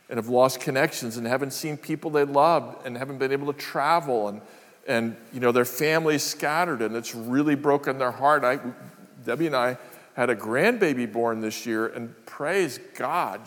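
A man's voice: medium pitch, moderate pace. An older man preaching a sermon, earnest and reflective, often repeating his phrases. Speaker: pastor. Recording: long hall reverb.

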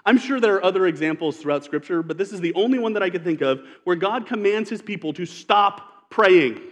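Male pastor, high-pitched, emphatic sermon delivery with long hall reverb. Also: lively intonation, brisk. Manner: earnest, emphatic, reads scripture aloud.

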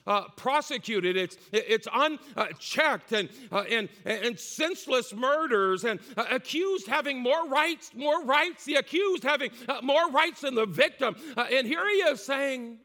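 A man's voice: very high voice, lively intonation, measured pace, bright, forceful tone. A man preaching a sermon as pastor, impassioned and repetitive, with frequent "uh" fillers, in a church. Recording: long hall reverb.

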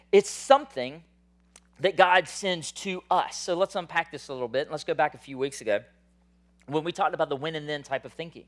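A man preaching a sermon in a conversational style, swinging from loud, high bursts to soft, low asides. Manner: animated, rises high and loud then drops soft; conversational, frequent "like" and "right?". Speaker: pastor.

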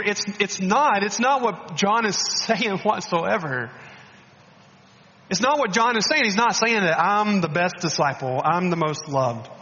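A man preaching a sermon as a guest speaker, animated and coaxing, often restarting and repeating words. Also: on the high side, big-room sound, lo-fi sound, a little hiss or hum.

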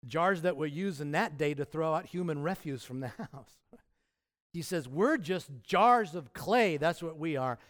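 A male pastor preaching with lively, emphatic bursts and casual asides. His voice sits a little high for a man, and he keeps a conversational tone between the peaks. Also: clear, resonant tone. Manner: animated preaching with sudden loud emphatic peaks and acted quotes; conversational, with fillers and restarts. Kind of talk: sermon.

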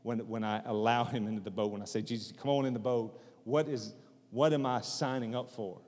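A man's voice: medium pitch, steady tone, a little fast, darkish tone, big-room sound. A man preaching a sermon in a conversational way, repeating phrases for emphasis. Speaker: pastor.

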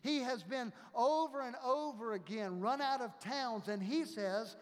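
A pastor preaching a sermon, emphatic and repetitive, reading scripture and leading a prayer. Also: male voice, very high-pitched, expressive, a little slow, hardly any pauses. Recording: long hall reverb.

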